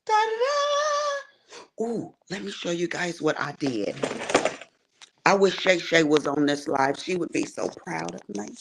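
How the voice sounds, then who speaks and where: A woman chatting on a sewing and embroidery livestream from her quilting area, animated, calling viewers honey and y'all. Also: sits low, measured pace, vocal fry, background noise. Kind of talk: casual livestream chat.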